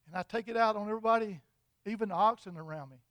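A man preaching a sermon, telling an imagined story in an animated, repetitive way. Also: high-pitched, racing, dry recording.

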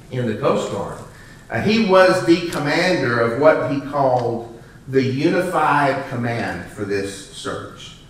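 This pastor speaks in a mid-range, somewhat bright voice with big swings in pitch and a measured pace. His sermon feels like a conversation, full of questions to the people in the pews, captured from afar in a reverberant church hall.

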